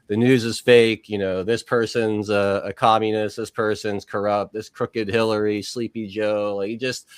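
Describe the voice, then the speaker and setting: A man's voice: fairly low pitch, little pitch movement, normal speed, hardly any pauses, clear, resonant tone, no echo. A man on a political podcast, explaining his views and acting out quoted voices as he goes. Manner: storytelling, acts out quoted voices. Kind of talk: casual political podcast talk.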